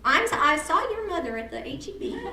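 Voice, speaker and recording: A woman leading an advocacy workshop, quizzing her audience and making joking asides in a lively talk. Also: sits high, brisk, heavy background noise. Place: meeting room at a church event. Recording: roomy hall, from far off.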